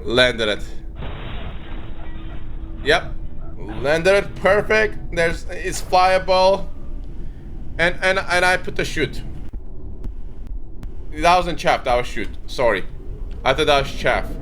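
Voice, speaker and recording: A young man live-streaming a game in a bright, forceful, fairly high voice. He talks slowly, stops often to read his viewers' messages, and muddles through menus out loud with plenty of uhs before bursting into loud excitement. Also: slight background noise. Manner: reads and answers viewer chat while playing; thinks aloud with many fillers, bursts into excited yells. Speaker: gaming streamer. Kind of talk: live gameplay commentary.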